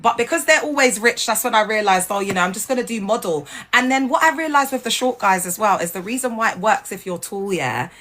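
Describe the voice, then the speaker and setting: A woman chatting casually to viewers on a livestream, animated and laughing, her voice jumping up high when she gets excited. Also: fast, few pauses, a little hiss or hum. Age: adult with grown children. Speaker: livestream host. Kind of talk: casual chat.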